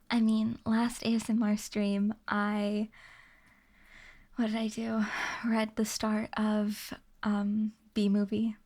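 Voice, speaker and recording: A woman chatting softly as an ASMR streamer, giggly and slipping into whispers as she talks to viewers on a close mic. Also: mid-range voice, completely flat delivery, slow pace, pauses often. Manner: giggly, reads chat aloud and thanks viewers; drifts into whispers. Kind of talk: soft-spoken ASMR chat.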